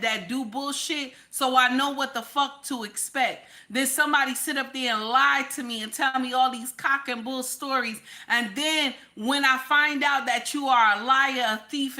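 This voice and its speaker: A woman delivers a casual, profane rant to her audience. Her voice sits a little high and sounds bright and forceful. She hammers her points by saying them twice. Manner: blunt, profane, repeats lines for emphasis. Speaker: commentary channel host. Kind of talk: casual ranting commentary.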